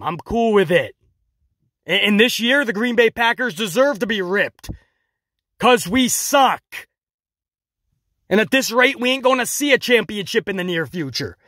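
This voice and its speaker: A man reviewing a wrestling show in casual solo commentary, animated and jokey, slipping into quick mocking impressions. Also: high-pitched, dry recording, clean studio sound.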